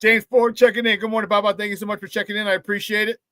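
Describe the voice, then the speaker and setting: A man's voice: high-pitched, level tone, rapid-fire, pushed and bright, no room sound. A man hosting a morning sports talk show, chatting casually and playfully, hyping up viewers and reading their comments with laughs.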